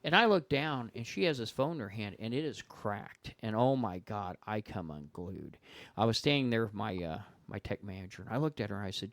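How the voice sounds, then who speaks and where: A man talking casually as a podcast guest, spinning a story and slipping into voices for each person he quotes. His pitch swings widely as he talks, and the close microphone sounds dry with no room echo. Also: normal speed. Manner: animated, acts out dialogue in voices.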